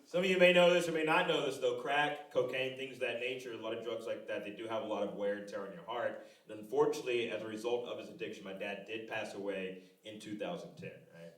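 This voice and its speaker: A man in his thirties doing a stand-up comedy set on a live club stage, animated and loud with shouted impressions. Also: fairly low pitch, fast, hardly any pauses. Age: 30s. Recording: echoey room, voice from a distance. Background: audience laughter.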